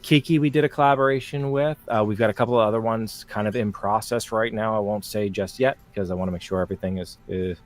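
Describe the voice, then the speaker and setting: A young man co-hosting a crafting livestream, chatting casually in a jokey, animated way with frequent restarts. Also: on the low side.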